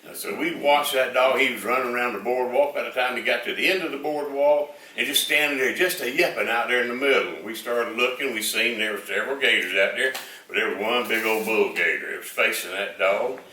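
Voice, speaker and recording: A man's voice: medium pitch, a little fast, bright, forceful tone, reverberant, far from the mic, low-quality recording. An older man with a Southern US accent telling a rambling, folksy story full of fillers.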